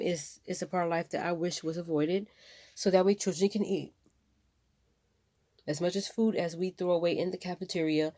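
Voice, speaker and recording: A woman's voice: sits low, mellow, no room sound. A woman vlogging about something that upsets her, rambling and impassioned, fighting back tears. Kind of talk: emotional personal vlog.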